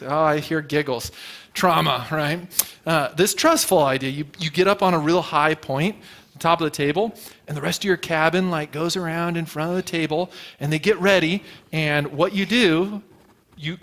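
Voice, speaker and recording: A man's voice: fairly high pitch, a bit bright. A man preaching a sermon to his congregation in a casual, storytelling way, asking rhetorical questions and using everyday fillers. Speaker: pastor. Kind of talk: conversational sermon. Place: church sanctuary before a congregation.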